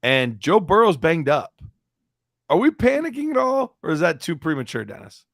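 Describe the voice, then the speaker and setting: A man's voice: a little high, huge pitch swings, normal speed, creaky, no room sound. Male podcast host, casual and rambling, dry sound. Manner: loose, chatty, fumbling through notes while asking questions. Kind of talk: casual sports chat.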